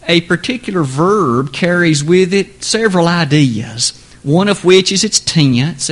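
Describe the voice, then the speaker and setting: Give me an earnest man preaching a sermon with emphatic, rising delivery and a slightly high voice.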